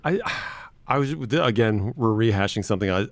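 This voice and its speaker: A man's voice: on the low side, expressive, moderate pace, no room sound. Joking man hosting a studio podcast. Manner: playful, jokey, thinks aloud. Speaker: radio podcast host. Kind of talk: casual chat. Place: radio studio.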